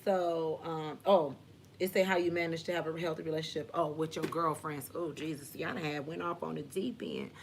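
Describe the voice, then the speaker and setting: A woman's voice: deep voice, steady tone, moderate pace, slight background noise. A young adult woman hosting a live question-and-answer stream, talking candidly and casually, full of slang and "like". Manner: candid and chatty, with frequent "like" and slang. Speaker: host of a live Q&A.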